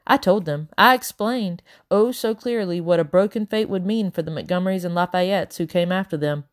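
A woman reading a children's novel aloud in a measured, expressive way. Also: fairly low pitch. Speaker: audiobook reader.

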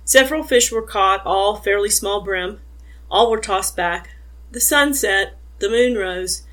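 A woman with a mid-range voice reads an audiobook, her scripted narration measured and even in its storytelling.

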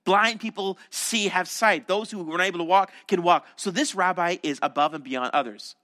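A man's voice: sits high, normal speed, bright, forceful tone. A man preaching a sermon as a pastor, telling the story animatedly and acting out the voices of crowds and disciples.

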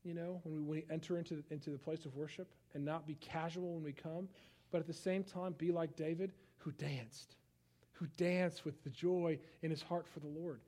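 A young man preaching a sermon in a conversational style, swinging from hushed tones to loud outbursts. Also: fairly high pitch, steady tone, moderate pace. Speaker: pastor.

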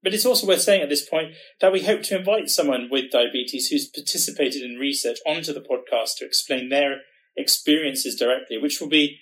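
Higher-voiced man, halting speech. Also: fairly bright tone, rough recording. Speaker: podcast co-host working in research. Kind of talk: podcast conversation.

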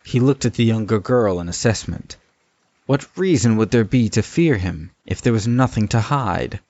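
A man giving steady, scripted story narration. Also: lowish voice, normal speed. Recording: dull lo-fi recording.

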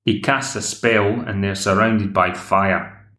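A man's voice: on the low side, fairly even intonation, slow, sharp tone, roomy sound. A Scottish man hosts a podcast, recapping a TV episode in a chatty, rambling way. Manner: chatty, rambling, plays the characters' lines himself. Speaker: podcast host.

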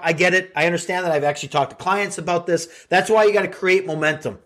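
A man's voice: high voice, fast talker, fairly bright tone. A middle-aged man hosting a podcast, giving an earnest motivational talk full of rhetorical questions to his listeners. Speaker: podcast host and coach.

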